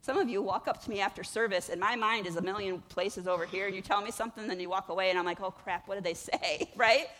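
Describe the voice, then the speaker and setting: A woman's voice: medium pitch, steady tone, quick pace, few pauses, a bit bright, long reverb tail. A woman pastor preaching a sermon in a church, conversational and emphatic, rising and falling in intensity.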